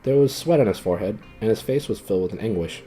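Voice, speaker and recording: A man's voice: lowish voice, expressive, fast talker, dark tone, soft background music, rough recording. A man reading a children's fantasy novel aloud on a live stream, casually, with small stumbles and asides.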